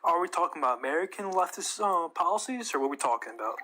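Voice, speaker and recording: A man's voice: fairly high pitch, expressive, fast, background noise. A young man calling in to a debate, speaking casually with some hesitant fillers. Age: young adult. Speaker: debate caller.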